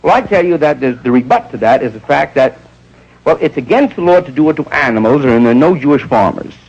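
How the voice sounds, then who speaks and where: Rambling, gravelly-voiced male comic. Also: medium pitch, animated, fast, a little mellow, lo-fi sound. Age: around 40. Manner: rambling, digressive, muttered asides. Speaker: stand-up comedian. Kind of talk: improvised stand-up monologue.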